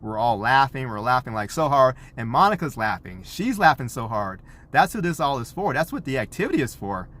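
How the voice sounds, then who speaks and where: Dad telling a story to camera, lively and animated, acting bits out, mid-pitched. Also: male voice. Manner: animated storyteller, acts out scenes. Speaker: parent. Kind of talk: storytelling vlog.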